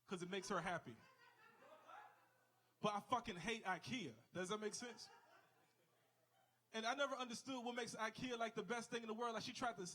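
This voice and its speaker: A man's voice: high-pitched, pushed and bright, low-quality recording. A man in his thirties doing a live stand-up set on a club stage, chatty and rambling, checking in with the crowd. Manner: conversational, rambling asides, crowd questions. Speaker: stand-up comic.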